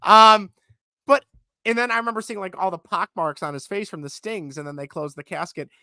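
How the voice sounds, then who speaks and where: A man in his thirties co-hosting a podcast in casual chat, animated and laughing easily, with a sick voice. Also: sits high, brisk, dry recording, studio quality. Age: 30s. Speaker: podcast co-host.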